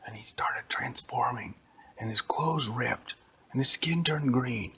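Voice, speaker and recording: A man's voice: medium pitch, a little slow, a little hiss or hum. Man whispering an improvised bedtime story. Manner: hushed, half-whispered.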